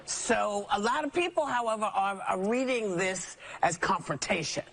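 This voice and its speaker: A woman's voice: mid-range voice, lively intonation, normal speed, fairly bright tone. A woman on a television panel, speaking in a dismissive, matter-of-fact way with frequent chuckles. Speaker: talk show panelist. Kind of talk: panel discussion clip.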